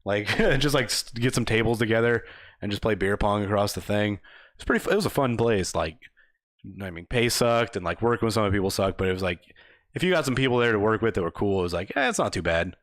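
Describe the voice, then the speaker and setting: A young man co-hosting a podcast, telling a work story in casual, profane chat, laughing often and acting out quotes in a higher voice. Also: expressive, fast, no echo, clean studio sound. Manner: laid-back, swears a lot, laughs often, acts out quotes in higher voices. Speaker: podcast co-host.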